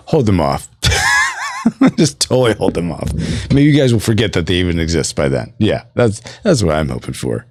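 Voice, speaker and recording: Low guy chatting on his game stream, bouncy lively voice, faint music under it. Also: moderate pace. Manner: playful, rambling, reads chat aloud. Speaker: streaming host. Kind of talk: casual livestream chat while gaming.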